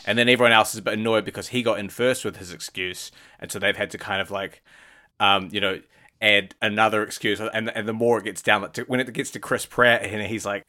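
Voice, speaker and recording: A man co-hosting a comedy podcast, riffing a silly story in a soft, hesitant, trailing way. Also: on the low side, steady tone, normal speed. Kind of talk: improvised comic storytelling.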